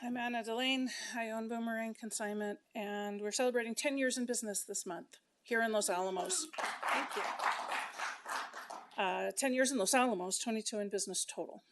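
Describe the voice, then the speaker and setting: A woman's voice: on the high side, fairly quick, a little hiss or hum. A middle-aged woman who owns a local business, making an impassioned, indignant public comment at a council meeting. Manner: impassioned, indignant, speaking in bursts.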